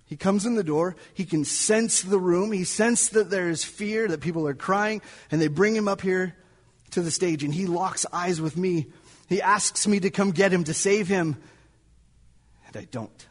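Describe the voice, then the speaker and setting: A man's voice: high voice, moderate pace, in a large hall. A male pastor preaching a sermon in a church, telling a story dramatically and sometimes dropping to near-whispers. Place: church sanctuary.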